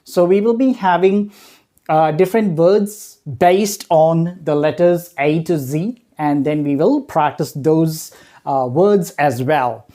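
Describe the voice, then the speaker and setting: A woman with a lowish, mellow voice explains a training course step by step. She pauses often on "uh" and keeps checking in with "right?" and "okay". Her delivery is patient and explanatory. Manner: hesitant, frequent "uh" pauses. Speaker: voice and accent trainer.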